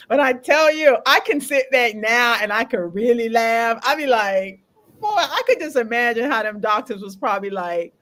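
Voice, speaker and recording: A woman hosting a candid podcast conversation, telling her story in an animated, laughing way with casual slang. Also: medium pitch, normal speed. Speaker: podcast host.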